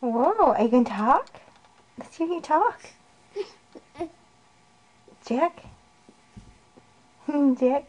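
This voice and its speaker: A woman's voice: high-pitched, very animated, drawn-out words, pauses often, highs cut off. A mother filming a home video, talking to her baby in a coaxing, sing-song way.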